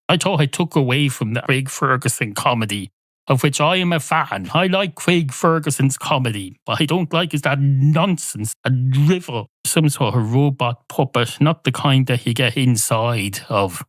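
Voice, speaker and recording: A man's voice: medium pitch, no room sound. An Irish man hosting a podcast, delivering a sardonic comic rant with a grumbling tone. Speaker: podcast host.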